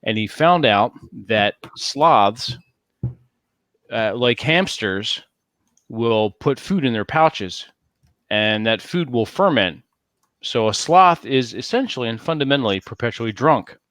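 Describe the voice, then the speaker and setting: Man, podcast host, casual chat, animated storyteller, middle pitch, dry close sound. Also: slow, dry recording. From New Jersey.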